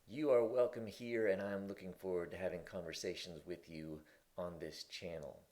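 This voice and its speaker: A man in his forties speaks in a fairly low voice, easygoing and candid, stumbling over a word now and then. He hosts his own channel and talks straight to camera from his kitchen table. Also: steady tone, normal speed, darkish tone. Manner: conversational and candid, with restarts. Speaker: host. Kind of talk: casual to-camera talk.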